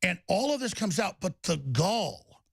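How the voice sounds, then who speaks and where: Gravelly high-voiced man ranting. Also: sing-song, unhurried, fairly bright tone, no echo. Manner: heated, emphatic, repeats words when riled. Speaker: talk show host. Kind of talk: political commentary rant.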